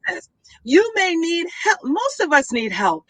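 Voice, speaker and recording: A woman's voice: very high voice, sing-song, normal speed, fairly bright tone. A woman guest speaker in a heartfelt conversation, teaching in an affirming way and checking in with her listener. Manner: teaching, affirming, checks in with okay and all right.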